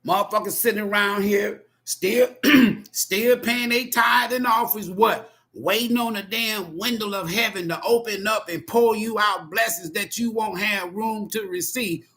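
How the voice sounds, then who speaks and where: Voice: mid-range voice, a little slow, fairly bright tone. A tarot reader delivering an impassioned spoken monologue in a profane, emphatic, preachy way.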